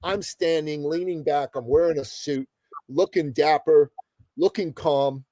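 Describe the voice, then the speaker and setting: A man from the Middle East, a guest on a podcast, telling a story with emphatic pauses and asides to the host. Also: on the high side, warm tone, dry recording. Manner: emphatic, addresses the host often, dramatic pauses. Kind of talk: animated storytelling in a podcast interview.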